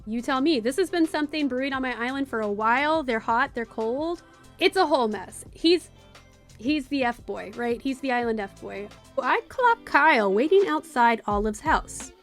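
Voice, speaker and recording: A woman's voice: sits high, lively intonation, moderate pace, faint music behind. A woman streamer chatting playfully through a cozy let's play, gossiping about her game villagers. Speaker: streamer and game channel host. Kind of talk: casual let's play commentary.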